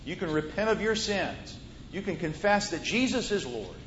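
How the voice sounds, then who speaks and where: A man's voice: expressive, moderate pace. Preacher man in an echoey church. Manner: swings from loud emphatic to soft, hushed storytelling. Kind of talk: sermon with storytelling. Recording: roomy muffled hall recording, faint rumble.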